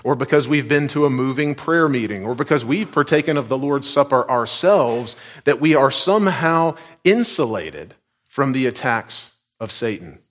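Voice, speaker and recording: A man from Georgia preaches a sermon in an earnest, emphatic, expressive manner at normal speed, letting the ends of his lines drop low and soft.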